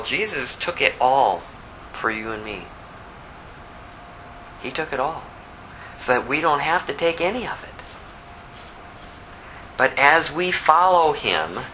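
Male pastor, fervent sermon, bright tone, lively pitch, faint background noise. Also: rough recording. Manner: animated, fervent, rises to near shouting. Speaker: preacher.

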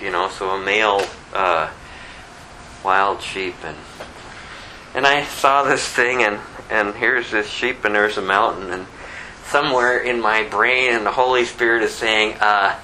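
Bright-voiced older man preaching informally. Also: medium pitch, a little hiss or hum, low-quality recording. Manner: conversational, animated, with rhetorical questions. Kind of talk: informal sermon.

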